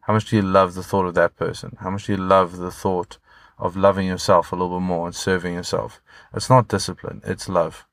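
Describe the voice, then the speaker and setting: A man's voice: sits low, level tone, a little fast, a bit bright, no echo, studio quality. A man, a fitness coach, talking earnestly and motivationally as a podcast guest, with some casual swearing.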